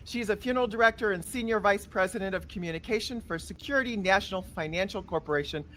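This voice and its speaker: A woman's voice: medium pitch, fast, fairly bright tone, a little hiss or hum. A woman hosting a podcast, chatting with guests in an upbeat, enthusiastic way. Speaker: podcast host. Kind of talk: casual podcast chat.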